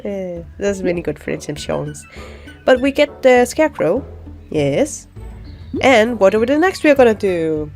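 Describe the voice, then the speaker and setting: A woman's voice: fairly high pitch, animated, normal speed, faint music behind. A woman giving casual, rambling gameplay commentary, chatty and giggly. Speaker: let's play commentator.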